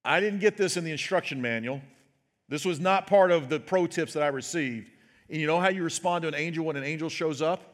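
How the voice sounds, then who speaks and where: A man's voice: fairly high pitch, fairly quick. A pastor preaching a sermon in a conversational way, asking his listeners "right?" and acting out the quoted words. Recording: long hall reverb.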